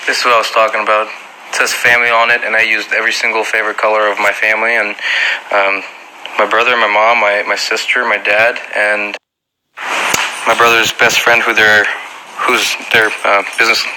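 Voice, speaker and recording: A man's voice: lowish voice, flat delivery, fairly quick. A man vlogging casually to his viewers in a playful, rambling, affectionate way, joking and restarting his sentences often. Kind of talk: casual vlog talking to viewers. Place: outdoors at night, then at a car wash. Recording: loud background noise.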